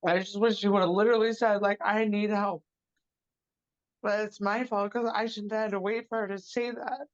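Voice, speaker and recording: A woman recounts events in a loose, rambling way, leaning on "like" and quoting people as she goes. Her voice is mid-pitched and the recording sounds dry and a little dull. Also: fairly even intonation, quick pace, few pauses, no room sound. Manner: rambling, repeats "like" and "blah, blah, blah". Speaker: interviewee, victim's sister. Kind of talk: emotional personal account.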